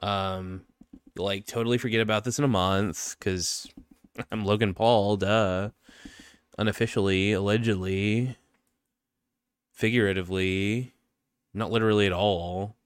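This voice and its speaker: A man's voice: on the low side, fairly even intonation, unhurried, long pauses, clean tone, dry recording, clean studio sound, close to an everyday voice. A man putting on a smug, valley-girl-talking parody of a male influencer, drawing out every 'like, totally'. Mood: smug, mocking.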